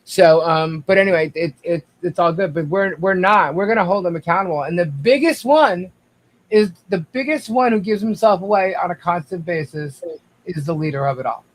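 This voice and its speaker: A man with a high voice tells his side at length, circling back with restarts and fillers. He keeps turning to speak to the viewers directly in a casual livestream chat. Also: normal speed, low-quality recording. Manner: rambling, restarts, addresses viewers. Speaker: guest.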